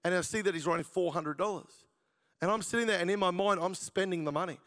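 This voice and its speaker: A man tells his testimony from the pulpit, cracking jokes and laughing at his own lines. His voice sits fairly high, and long reverb trails each phrase through the hall. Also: fast, fairly bright tone. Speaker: preacher giving his testimony. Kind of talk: sermon testimony.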